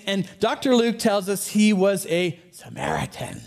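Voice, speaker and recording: Animated high-voiced male pastor preaching. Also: unhurried, creaky, few pauses. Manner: storytelling, animated with asides and small laughs. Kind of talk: sermon.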